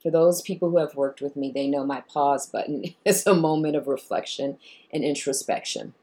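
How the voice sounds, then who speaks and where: A woman therapist speaks in a low, husky voice with a mellow tone. She explains her approach to viewers and acts out exchanges with clients, jumping up into animated voices for the quoted lines. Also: moderate pace.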